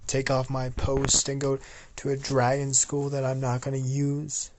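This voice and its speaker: A man's voice: mid-range voice, completely flat delivery, unhurried, background noise, close to an everyday voice. A man voicing a proud young inventor who answers with curt, cold defiance in an improvised fan story. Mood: cold, defiant.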